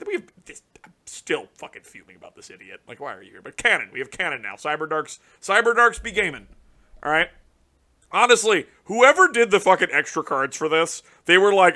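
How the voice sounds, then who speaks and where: A man hosting his card game channel, reacting to new cards in casual, heavily profane commentary that swings between muttering and excited shouting. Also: high-pitched.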